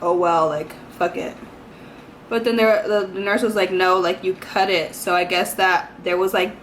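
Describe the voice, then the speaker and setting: A woman's voice: mid-range voice, a bit bright. Young woman vlogging, chatty storytime, says like a lot, bit of faint noise behind. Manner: chatty, rambling, heavy use of "like" and "you know". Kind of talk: casual storytime vlog.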